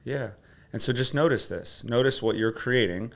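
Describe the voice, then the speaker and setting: A man's voice: medium pitch, normal speed, vocal fry, a bit bright. A man coaching his host through questions, then telling a personal story with emotion. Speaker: guest coach.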